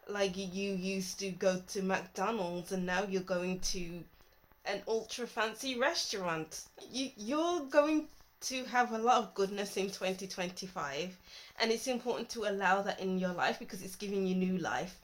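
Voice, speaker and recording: A woman's voice: mid-range voice, a little slow. A woman giving a chatty, reassuring tarot reading into her phone, now and then laughing at herself. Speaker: tarot reader.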